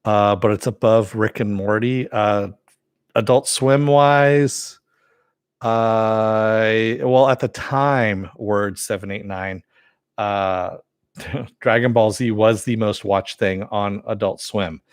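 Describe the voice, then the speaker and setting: A man giving a casual spoken review of an animated series, rambling with many fillers and self-corrections, and answering chat as he goes. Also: on the low side, takes it slowly, clean tone, no echo, studio quality. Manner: reads and answers live chat.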